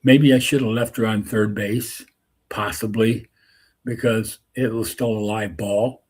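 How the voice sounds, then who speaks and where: A man who works as a softball umpire, telling a rambling anecdote full of restarts and asides. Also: lowish voice, fairly even intonation, unhurried, husky. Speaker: softball umpire and show host. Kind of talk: casual storytelling.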